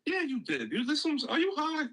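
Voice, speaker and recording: A man's voice: very high-pitched, huge pitch swings, fairly quick, a bit bright, poor audio. A man from City, a guest on a live stream, bantering in a blunt, profane, teasing way. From Jersey City. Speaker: guest on a livestream. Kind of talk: casual banter.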